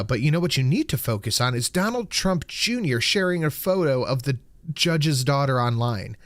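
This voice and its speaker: A man's voice: mid-range voice, no room sound, clean studio sound. A man co-hosting a casual political livestream, blunt and profane as he rants and reads out donations. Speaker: livestream co-host reading donations.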